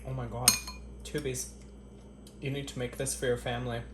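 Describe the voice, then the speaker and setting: A man's voice: mid-range voice, little pitch movement, normal speed, noisy background. Profane man tasting food in an echoey kitchen. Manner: crude, profane, joking straight to camera; tasting food between lines with appreciative murmurs. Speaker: cooking vlogger. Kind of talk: casual kitchen vlog. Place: home kitchen.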